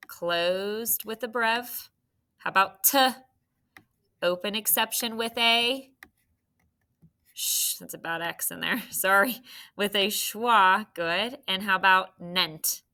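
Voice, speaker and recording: Casting: young woman, third grade teacher, slow encouraging phonics delivery, bright tone. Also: medium pitch. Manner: slow, encouraging, spells out letters. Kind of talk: phonics lesson to young students.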